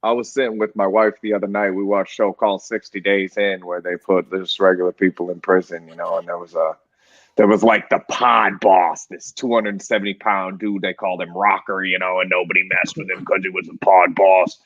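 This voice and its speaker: Dude riffing on a fight podcast, gets heated, kinda muffled dry audio. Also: male voice, low-pitched, little pitch movement, a little fast, a bit bright, dry recording. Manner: fired-up, rambling storyteller. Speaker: podcast co-host. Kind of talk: casual sports chat.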